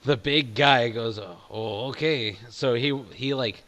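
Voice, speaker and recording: Male game master, slow and loose, rambling narration. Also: medium pitch, fairly even intonation, bright, forceful tone. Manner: loose, laughing, filler-heavy.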